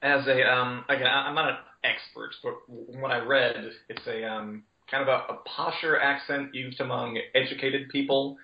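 A man co-hosts a casual podcast and speaks hesitantly in halting phrases. His voice has a mid-range pitch. It comes through with roomy echo and dull, lo-fi sound. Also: fairly even intonation. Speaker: podcast co-host.

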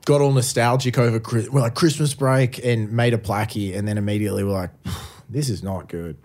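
A man's voice: mid-range voice, steady tone, fast talker, darkish tone. An Australian man co-hosting a podcast, chatting casually, rambling and crude, laughing often. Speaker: podcast co-host. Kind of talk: casual chat.

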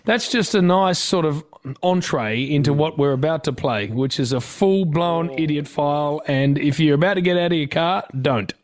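A man's voice: a little high, normal speed. A man with an Australian accent hosting a radio show, teasing his co-host in dry, mock-indignant banter.

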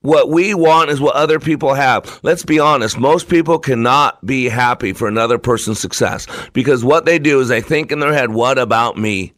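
A man's voice: medium pitch, normal speed, few pauses, a bit bright, dry recording. A man hosting his own talk show, delivering an emphatic, repetitive, preacher-like monologue. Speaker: show host.

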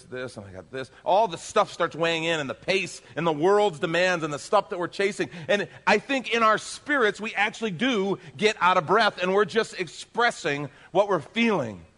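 A male pastor delivering a sermon, lively and expressive, his pitch rising and falling a lot. He slips into little acted voices of ordinary people to make his point. The sound carries a long hall reverb. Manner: animated, acts out everyday voices.

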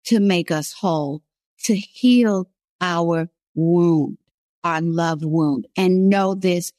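Slow, earnest woman giving a devotional. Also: fairly low pitch, a little mellow, no echo, clean studio sound. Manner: earnest, emphatic, repeats key phrases. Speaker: women's devotional speaker. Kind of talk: devotional sermon.

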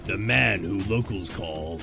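A man putting on an epic male movie trailer announcer voice, booming and dramatic, over trailer music. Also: a little slow, creaky, exaggerated voice. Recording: studio with loud trailer music behind.

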